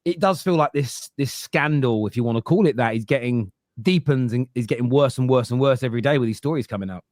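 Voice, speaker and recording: A man leads a casual football chat, winding through his points with an animated, rambling delivery. His voice sits at an ordinary pitch. The sound is dry and close, with no room behind it. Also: fast talker, dry recording. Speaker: podcast host.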